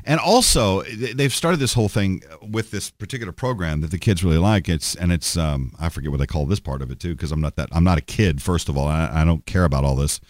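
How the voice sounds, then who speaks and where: A man's voice: low-pitched, fairly quick, hardly any pauses, dry recording, clean studio sound. Rambling sardonic male podcast host. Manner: rambling, sardonic, many restarts and fillers. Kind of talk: solo podcast monologue.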